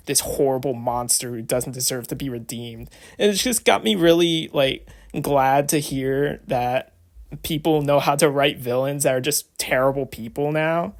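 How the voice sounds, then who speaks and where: A young adult man giving casual vlog commentary, chatty and rambling with lots of fillers. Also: mid-range voice. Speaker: vlogger.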